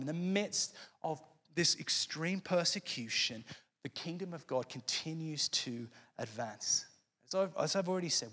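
A man's voice: a little high, a bit bright, big-room sound. A man preaching an impassioned sermon as pastor of his church, earnest and fervent, often restarting his phrases.

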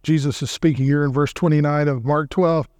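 Male guest preacher, emphatic sermon, checks in with listeners, slightly high voice, dry close sound. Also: fairly even intonation, darkish tone, dry recording. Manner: slows to recite hymn and scripture lines.

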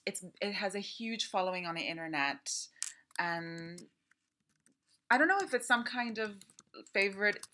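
A woman co-hosting a podcast, chatting about a film and quickly chiming in. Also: mid-range voice, expressive, bright, forceful tone. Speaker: podcast co-host. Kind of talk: casual film discussion.

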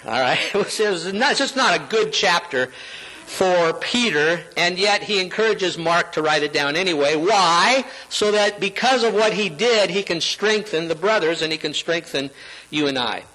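A man preaching a sermon, quoting scripture dramatically and leaping up in pitch when he quotes. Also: sharp tone, rough recording. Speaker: pastor.

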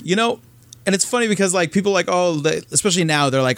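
Man, podcast host, casual chatty delivery, slightly higher voice, dry close sound. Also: animated, fast talker, a bit bright, no room sound. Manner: casual, chatty, laughs along. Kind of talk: casual interview chat.

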